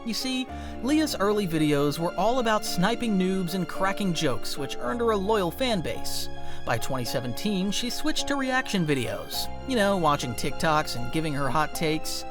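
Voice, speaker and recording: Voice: medium pitch, very animated, normal speed, over music. A narrator reading a scripted online documentary in a punchy, conversational storytelling manner.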